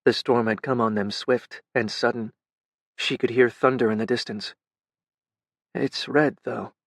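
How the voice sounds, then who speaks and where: A man narrating a dark fantasy audiobook in a measured, intimate way. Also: medium pitch, fairly even intonation, no echo, clean studio sound.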